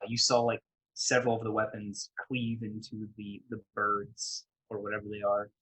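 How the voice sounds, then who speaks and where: A man runs a tabletop game in a husky, slightly breathy voice. He narrates at an easy pace and keeps restarting his sentences with small fillers. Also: lowish voice, normal speed, rough recording. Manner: relaxed, with frequent fillers and rephrasing. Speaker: game master.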